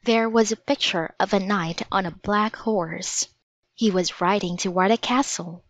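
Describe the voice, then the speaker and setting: A woman reading a children's storybook aloud in a gentle, measured way. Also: medium pitch. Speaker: narrator. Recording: dry, slightly dull audiobook recording.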